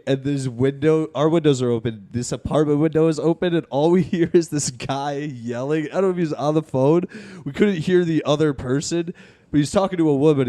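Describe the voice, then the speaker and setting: A man's voice: a little high, warm tone. A man hosting a podcast from his apartment, chatting casually, laughing often and swearing freely. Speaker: podcast host. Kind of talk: casual chat.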